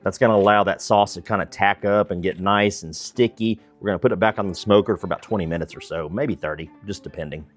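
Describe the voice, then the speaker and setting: A man hosting a barbecue cooking vlog outdoors in the snow, relaxed and enthusiastic, chuckling often and feeling the cold. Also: low-pitched, quick pace, hardly any pauses, soft background music. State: cold from the weather. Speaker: barbecue cooking channel host.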